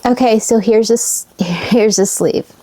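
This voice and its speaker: A fairly high, mellow female voice carries this casual show-and-tell vlog. She unpacks vintage fabric scraps while talking to viewers, musing sentimentally and wistfully without rushing.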